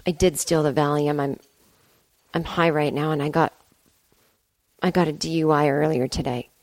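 A woman's voice: low voice, fairly even intonation, moderate pace, darkish tone, pitched below the performer's own voice, natural voice. A woman voicing a meek, sheepish man in a comedy sketch podcast, hesitant and mumbling.

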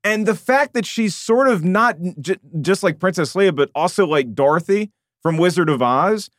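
A man's voice: high voice, lively intonation, no echo, clean studio sound. Joking man hosting a podcast. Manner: joking, quick asides. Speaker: podcast host. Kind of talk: casual chat.

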